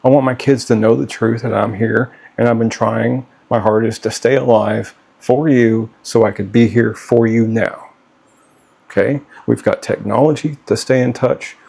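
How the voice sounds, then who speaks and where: In a direct-to-camera personal vlog, a middle-aged father pleads earnestly with his children, checking in again and again with "okay?" as he gets heated. His voice is medium-pitched, steady and creaky, mellow and husky, at a normal speed.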